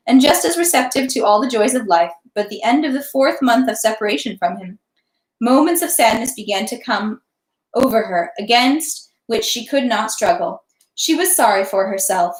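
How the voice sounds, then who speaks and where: A woman reading a classic novel aloud at a steady pace, now and then stumbling and correcting herself. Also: on the high side. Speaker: audiobook reader. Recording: echoey room.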